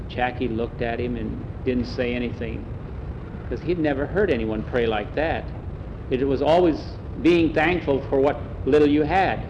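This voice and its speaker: A man's voice: mid-range voice, darkish tone, slight background noise, rough recording. A man telling a story aloud in a plain, folksy way, often repeating "he says". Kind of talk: oral storytelling.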